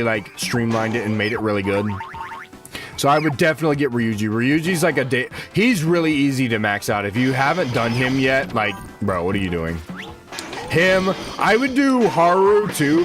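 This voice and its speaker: With game music behind him, a twenty-something man rambles to his livestream chat in slangy, casual talk. He speaks at a moderate pace with a medium-pitched, expressive voice.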